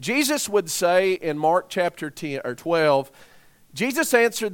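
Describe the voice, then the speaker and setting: A man in his thirties or forties delivers a sermon with a fairly high voice. He talks in a conversational way, often turning to the congregation with rhetorical questions. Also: sing-song, moderate pace. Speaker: preacher.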